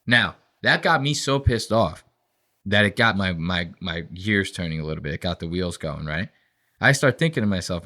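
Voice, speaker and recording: Podcast guy ranting and swearing, bright voice that jumps all over. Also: sits low, expressive, moderate pace. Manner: profane, ranting, acts out quotes in voices. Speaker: podcast host. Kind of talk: casual podcast rant.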